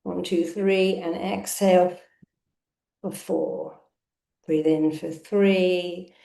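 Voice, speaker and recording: A woman's voice: fairly low pitch, fairly even intonation, extremely slow, gravelly, mellow, roomy sound. A woman therapist leading a live online session, coaching listeners through a self-help exercise and repeating affirmations with emphasis.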